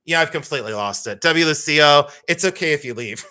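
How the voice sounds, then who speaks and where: A man with a bright, slightly high voice hosts a live jewelry sale in a loose, chatty way. He jokes, teases and laughs easily. He rambles a little as he greets viewers by name. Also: expressive, brisk, clear, resonant tone. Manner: playful, joking, laughs often, teasing. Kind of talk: casual live-stream selling chat.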